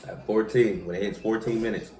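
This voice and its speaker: A man's voice: lowish voice, steady tone, a little fast, echoey room, slight background noise. A man vlogging a spicy noodle challenge at home, talking loosely, laughing and cursing as the heat builds. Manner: loud, laughing, swearing while eating hot noodles. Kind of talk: casual chat.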